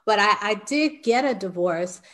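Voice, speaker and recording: A woman hosts a conversational interview with a mid-pitched voice. She asks questions attentively and shares her own experience along the way. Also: lively intonation, a little slow, a bit bright. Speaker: interview host.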